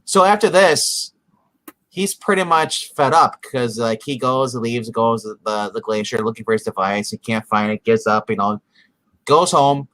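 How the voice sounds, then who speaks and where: A man's voice: medium pitch, measured pace, a bit bright, rough recording. A man co-hosting a casual podcast, rambling as he retells TV scenes with lots of quoted asides. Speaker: podcast co-host. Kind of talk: casual recap chat.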